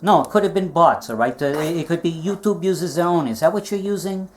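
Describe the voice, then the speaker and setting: A woman playing a long-winded schemer who lectures and keeps adding "all right?", in a low-budget comedy film. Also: brisk, slight background noise, lightly acted. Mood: defensive. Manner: rambling, lecturing, with many "all right?" asides.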